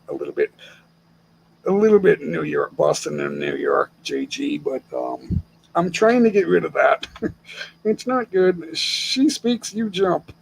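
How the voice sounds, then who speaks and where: A man's voice: on the high side, creaky, a little hiss or hum, rough recording. An older man from the United States hosting a casual live stream chat from home, speaking bluntly and with opinions, chuckling often.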